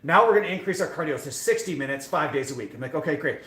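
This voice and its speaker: Recorded in an echoey room, a young man who streams fitness content tells a rambling, self-deprecating story thick with fillers during casual live chat. He speaks fast and animatedly, his voice on the high side and a bit bright.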